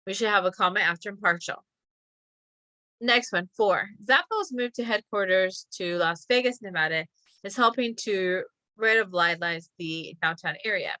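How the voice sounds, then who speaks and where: A woman's voice: medium pitch, moderate pace, sharp tone, no room sound. A woman teacher reading practice sentences aloud and calling out each comma, with chatty asides. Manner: chatty asides about a company.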